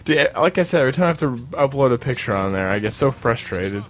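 A man's voice: mid-range voice, animated, fast talker. Rambling, swearing podcast guy. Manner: profane, rambling storyteller. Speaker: podcast co-host. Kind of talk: casual chat.

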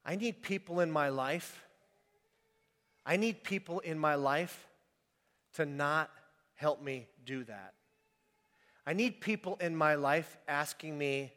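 A man preaching a sermon, animated and emphatic, sometimes rising to a shout and then dropping back to quiet reading. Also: on the high side, a little slow, long pauses. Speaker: pastor. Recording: long hall reverb.

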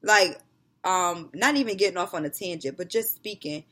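Husky, animated woman telling family stories. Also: lowish voice, moderate pace. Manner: animated storytelling, acting out scolding her kids. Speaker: podcast co-host. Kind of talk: casual chat.

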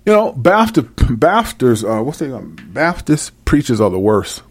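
A man giving a freewheeling, profane Bible commentary, brash and mocking, swinging between loud outbursts and low mutters. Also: big pitch swings, moderate pace. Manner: brash, mocking and full of cursing. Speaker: self-styled preacher.

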